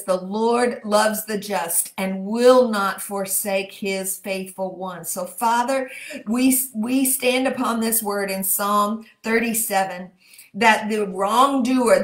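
A woman with a Texan accent leading a livestreamed prayer, reading scripture fervently and slowing down to repeat key phrases. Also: medium pitch. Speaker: prayer leader. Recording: echoey room.

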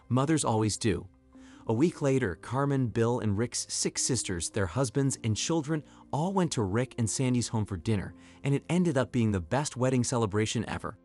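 A man narrating a scripted story, reading every character's lines in a mostly even voice. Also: medium pitch, moderate pace. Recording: soft background music.

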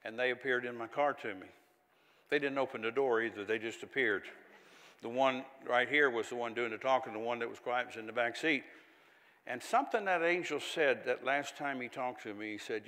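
Older preacher in an echoey hall. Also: male voice, medium pitch, brisk, gravelly. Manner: storytelling, rises to zealous loud preaching. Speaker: pastor. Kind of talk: sermon. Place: church hall.

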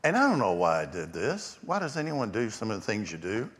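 A man preaching a storytelling sermon as pastor, with shifting emphasis and hushed asides. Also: lowish voice, sing-song, brisk. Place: church sanctuary. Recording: long church reverb.

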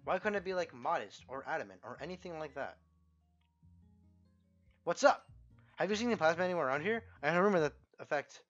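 A young man giving excitable, profane let's play commentary and reacting loudly to the game. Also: a little high, very fast, few pauses. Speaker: gameplay commentator. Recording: slightly muffled, game music behind.

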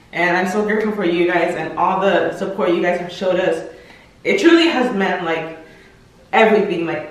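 A young pregnant woman talks to her viewers in a gushing, emotional way, full of "like" and repeated thanks. Her voice sits at an ordinary pitch. It rings around a bare, echoey room, picked up from some distance. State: heavily pregnant, days from labor. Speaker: vlogger. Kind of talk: casual vlog talk to viewers. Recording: roomy echo, mic set back.

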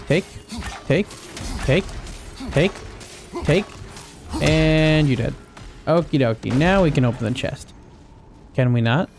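A man's voice: fairly high pitch, slow pace, pauses often. A young man giving casual let's-play commentary, trash-talking enemies with lots of swearing and joking asides. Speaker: gaming channel host. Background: game music and combat sounds.

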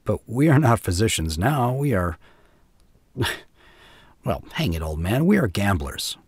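A man's voice: lowish voice, big pitch swings, a little slow, darkish tone, slightly rough, dry recording, full character voice. A man reading the part of an unflappable doctor turned gambler, speaking dryly and offhandedly, in an audiobook. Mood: dry, easy. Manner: dry and offhand.

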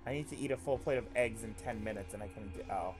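A man's voice: fairly low pitch, quick pace, music in the background. A man streaming a visual novel, reading the text aloud and reacting with frequent swearing. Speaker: let's play streamer.

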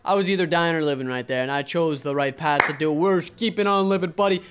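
A young man giving casual, excitable commentary while playing a video game, talking to his viewers and often bursting into loud exclamations. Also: a little high, quick pace, a little hiss or hum. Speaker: gaming video host.

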